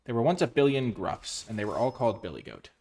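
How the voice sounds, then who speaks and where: A man commentating his own card game matches casually, excitable and full of exclamations. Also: medium pitch, quick pace.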